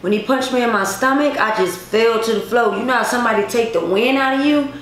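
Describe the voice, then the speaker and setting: Casual woman vlogger, emphatic storyteller; slightly high pitch, very echoey room with faint noise. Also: fairly quick. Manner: repetitive, emphatic, addresses viewers directly.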